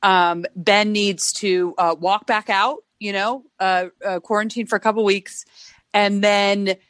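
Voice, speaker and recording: A woman's voice: mid-range voice, little pitch movement, measured pace, fairly bright tone, dry recording. A woman guest on a podcast, joking in casual chat with hesitant restarts and ums.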